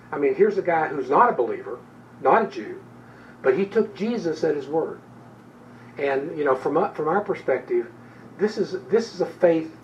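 A man with a highish, darkish voice teaches a Bible study informally and conversationally, with frequent fillers and restarts. The recording sounds distant and dull, in a room with faint background noise.

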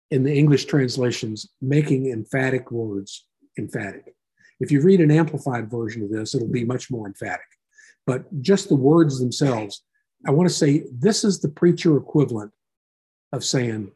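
Guy teaching bible study, husky mellow voice, laid back, reads a verse then breaks it down. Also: mid-range voice, moderate pace. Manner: relaxed, explanatory, reads scripture aloud then unpacks it.

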